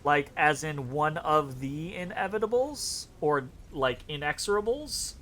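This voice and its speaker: A man's voice: a little high, animated, a little slow, pushed and bright, slight background noise. A man giving casual gameplay commentary, musing aloud and swearing casually. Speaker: gamer playing a video game.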